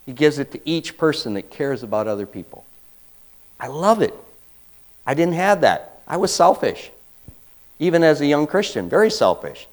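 A man preaching a conversational sermon as a pastor, swinging between quiet asides and loud emphatic bursts and acting out quotes. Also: medium pitch, poor audio.

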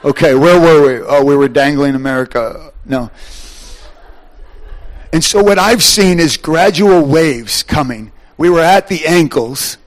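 A man in his thirties preaching a lively sermon, swinging between quiet storytelling and loud exclamations. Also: fairly high pitch.

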